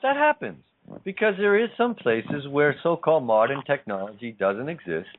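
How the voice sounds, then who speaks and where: A man's voice: on the high side, sing-song, normal speed, slight background noise. A man hosting a casual spiritual talk show, speaking emphatically and repeating his phrases for effect. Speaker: host. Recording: tinny phone-line sound.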